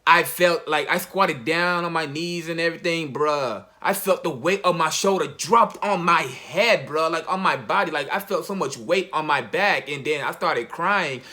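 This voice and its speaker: A young man, a college athlete, telling a personal story in a casual, slang-heavy, halting way. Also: fairly high pitch, bright, forceful tone. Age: young adult.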